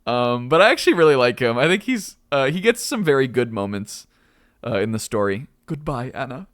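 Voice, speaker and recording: A man's voice: mid-range voice, big pitch swings, brisk, clear, resonant tone, no room sound. A man streaming a game, giving casual commentary with lots of laughter, jokes and swearing. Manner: laughing, joking, swears freely. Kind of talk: casual let's-play commentary.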